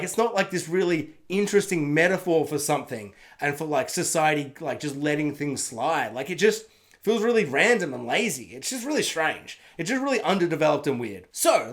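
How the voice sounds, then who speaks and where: A film reviewer ranting through a spoiler recap, sarcastic and swearing freely. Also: medium pitch. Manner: animated, sarcastic, swears freely, laughs often.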